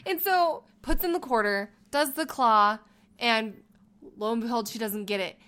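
A woman co-hosting a podcast, telling a story in a casual chat, animated and laughing, acting out the lines she quotes. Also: fairly high pitch, a little slow, clear, resonant tone. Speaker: podcast co-host.

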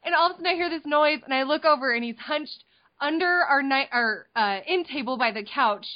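A young woman co-hosting a podcast, telling family stories in an animated, giggly way and acting out the voices. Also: sits high, a little fast. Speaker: podcast co-host. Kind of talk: casual storytelling chat. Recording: dull lo-fi podcast audio.

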